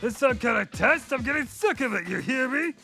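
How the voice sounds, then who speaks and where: An actor playing a hotheaded young male delinquent student who yells rough insults in a video game. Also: extremely high pitch, animated, a little fast, soft background music, heavily acted. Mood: yelling angry. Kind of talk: game voice acting.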